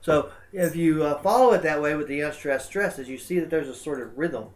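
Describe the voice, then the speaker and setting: A man teaching a college English lecture over slides, talking in a relaxed, conversational way with frequent uh and um fillers. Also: on the high side, moderate pace.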